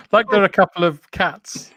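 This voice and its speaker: A British man chats on a video call, cracking teasing jokes in quick banter. His voice sits a little high. It sounds close and dry, with no room around it. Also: bright, forceful tone, dry recording. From Britain. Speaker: podcast co-host. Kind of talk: casual chat over a video call.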